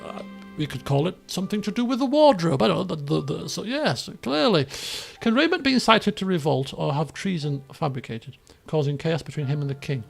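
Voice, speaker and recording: A man with a high, gravelly voice gives casual gameplay commentary over faint game music. He rambles with plenty of fillers and breaks into excited outbursts. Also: brisk. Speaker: let's play gamer.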